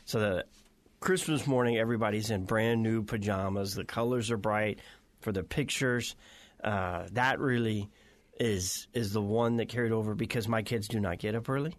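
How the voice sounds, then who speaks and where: A man hosting a radio show, chatting casually and telling stories in an animated way. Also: fairly low pitch, moderate pace, no echo. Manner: animated storytelling. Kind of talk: casual chat. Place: radio studio.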